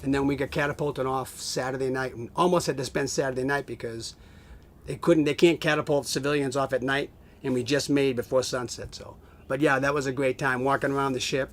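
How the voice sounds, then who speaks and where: A middle-aged man casually telling a long story, animated, acting out what others said and laughing often, recorded on a home video camera. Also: mid-range voice, brisk. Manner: animated, acts out quoted voices, laughs often. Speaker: family friend telling stories.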